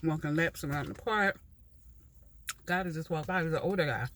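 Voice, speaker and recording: Between bites of food in her car at a park, a mukbang vlogger chats at a slow, relaxed pace. She's from Philadelphia but speaks with a southern drawl, and her voice is deep. A little hiss or hum sits under the recording.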